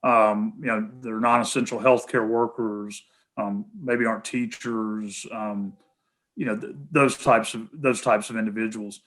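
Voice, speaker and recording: A man with a Tennessee Southern accent, a guest speaker taking questions over a video call in an earnest, halting way. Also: on the low side, steady tone, fairly bright tone. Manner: many fillers and restarts, earnest. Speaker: guest speaker, healthcare association head.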